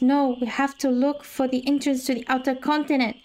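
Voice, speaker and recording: A woman's voice: sits high, fairly even intonation, a little slow, darkish tone, low-quality recording. A woman giving casual let's-play commentary while she plays a game. She reads the game's dialogue aloud and gasps and squeals when she gets scared. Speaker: gamer. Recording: game music playing behind.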